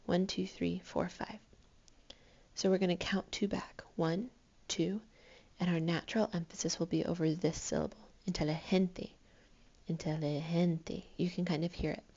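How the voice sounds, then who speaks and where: Low gravelly woman teaching a lesson. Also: little pitch movement, normal speed, darkish tone, muffled recording. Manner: patient, explanatory, counts syllables aloud. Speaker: Spanish teacher. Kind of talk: recorded classroom lesson.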